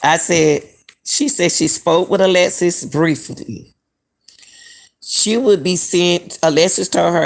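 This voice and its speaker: Gravelly low-voiced woman commentating live. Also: measured pace. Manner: talks to viewers as "y'all", questions and mocks what she reads. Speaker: commentary channel host. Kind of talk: casual live-stream commentary.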